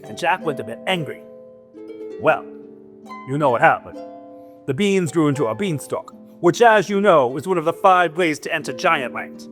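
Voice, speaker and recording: A man's voice: on the high side, lively intonation, moderate pace, a bit bright, faint music behind. A man voicing a boastful, grumbling male giant who resents humans and tells his side of a fairy tale with tough-guy slang. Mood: indignant grumbling. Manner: indignant, rambling storyteller with street-tough grammar.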